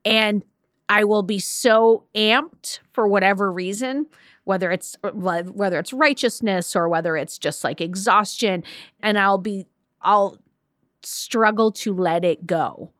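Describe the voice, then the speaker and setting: Chatty woman co-host, mid-pitched, dry close mic. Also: fairly bright tone, dry recording. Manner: chatty, agreeing, quick asides. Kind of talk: casual advice chat.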